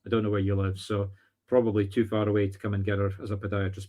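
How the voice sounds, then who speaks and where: A man's voice: on the low side, brisk, a little mellow. A man with a Scottish accent giving live-streamed psychic readings, chatty and thinking aloud with teasing asides. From Scotland. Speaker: spiritual medium.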